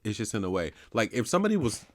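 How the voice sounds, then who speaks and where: Low-voiced guy co-host, slangy and jokey, dry close mic. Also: big pitch swings, rapid-fire, dry recording. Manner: joking, slangy, acts out brash quoted lines. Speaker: podcast co-host. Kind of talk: casual chat.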